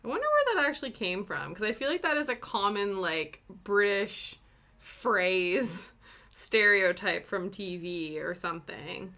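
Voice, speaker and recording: A young Canadian woman streams herself cross-stitching, chatting casually with viewers and sometimes counting stitches under her breath. Her voice is medium-pitched, animated and sharp in tone, and she speaks a little slowly.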